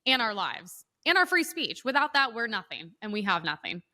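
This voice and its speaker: A woman's voice: fairly high pitch, very animated, normal speed, sharp tone. A woman co-hosting a podcast, telling heated stories in casual political chat, profane and emphatic. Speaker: podcast co-host. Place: Los Angeles.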